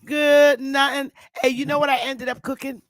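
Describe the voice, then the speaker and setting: A woman hosting her own livestream, ranting in casual talk, profane and combative, with loud outbursts. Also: high voice, flat delivery, normal speed, no room sound. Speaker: livestream host. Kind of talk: heated casual livestream rant.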